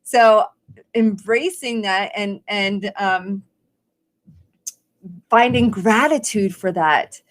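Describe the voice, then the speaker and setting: A woman's voice: medium pitch, extremely slow, long pauses. A woman life coach talking on a live stream, encouraging and rambling a little, acting out the questions she wants viewers to ask themselves. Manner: encouraging, rambling with restarts and quoted self-questions. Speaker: life coach hosting a daily challenge.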